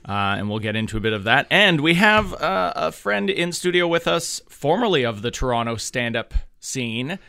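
Radio host guy, bright forceful voice, dry close studio mic, easygoing rambly chat. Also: fairly high pitch, expressive, moderate pace, vocal fry, hardly any pauses, clear, resonant tone, no room sound. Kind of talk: casual talk radio chat. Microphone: studio microphone.

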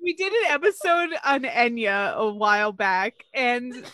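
A woman's voice: fairly high pitch, a little slow, pushed and bright. A young woman co-hosting a podcast, chatting casually with blunt, sarcastic remarks and swearing. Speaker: podcast co-host. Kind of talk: casual chat.

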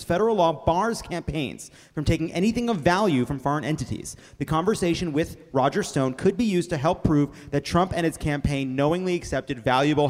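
A man hosting a live comedy news rundown. His voice sits high and carries a long hall reverb. He laughs his way through the jokes. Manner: energetic, breaks into laughter. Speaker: host.

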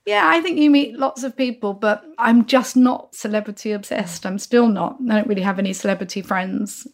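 A woman in her sixties talks as a podcast guest, recounting anecdotes. She slips into the voices of the people in her stories, and her mid-pitched voice carries a touch of vocal fry. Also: fairly quick. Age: 60s. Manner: lively, acts out quoted voices in her stories. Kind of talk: anecdotal storytelling.

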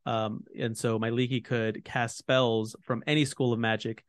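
A man co-hosting a casual podcast explains fantasy game lore in a loose, rambling way, leaning heavily on fillers like "you know" and "like." His voice is middle-pitched and level at normal speed, recorded dry with no room sound.

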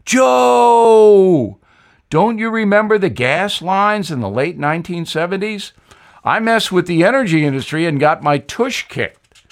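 A man's voice: lively intonation, a little slow. A man voicing the scolding ghost of an older former president with a Southern accent. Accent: American Southern. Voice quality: booming, scolding.

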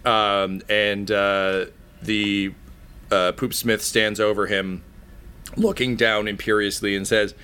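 A man narrating as game master, halting with many ums and uhs. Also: fairly low pitch, little pitch movement, pushed and bright, clean tone.

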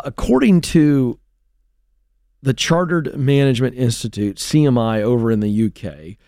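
A man's voice: medium pitch, darkish tone, no room sound. A middle-aged man hosting a talk show, speaking in an emphatic, storytelling manner into a studio mic. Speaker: host.

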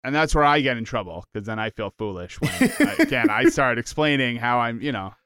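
Smooth-voiced man joking on a podcast. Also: mid-range voice, very animated, brisk, sharp tone, no room sound. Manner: rambling, self-deprecating, jokey. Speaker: podcast co-host. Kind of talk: casual comedic chat.

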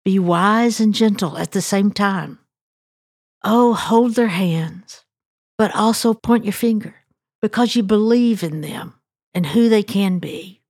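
A woman's voice: mid-range voice, slow pace, darkish tone, dry recording, clean studio sound. An older woman co-host telling a family story as a devotional reflection, acting out the voices she quotes. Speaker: podcast co-host.

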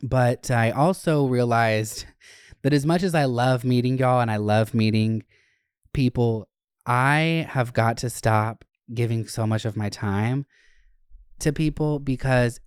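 A young man hosts his podcast, telling a casual story in a loose, animated way. His talk is chatty and full of swearing. The recording is dry, with no room echo. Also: medium pitch, a little slow, smooth. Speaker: podcast host.

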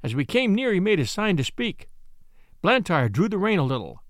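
A man narrating a classic novel in an expressive, measured storytelling manner. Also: sits high, dry recording, clean studio sound. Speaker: audiobook narrator.

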